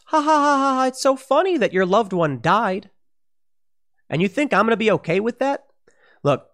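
A man delivers solo political commentary in a fairly high voice that rises and falls in lively swings. He talks emphatically and stumbles into repeated words when he gets heated.

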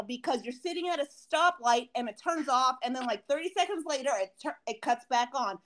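High, lively woman on a profane rant. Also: fairly quick, few pauses. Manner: profane, heated ranting with acted-out quotes. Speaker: podcast co-host. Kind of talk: casual chat.

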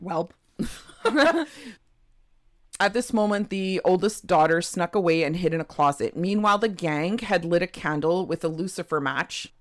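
On a podcast she co-hosts, a woman recounts a true crime case casually, laughing often and slipping in chatty asides. Her voice is on the low side, animated and unhurried, captured in a dry, studio-quality recording.

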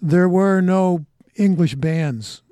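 A mellow, slightly higher-pitched older American man talks on the radio between records. He rambles in a folksy, reminiscing way, close to a studio mic in a dry, dead room. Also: slow pace, no room sound. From United States. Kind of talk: casual radio chat between songs. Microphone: studio microphone.

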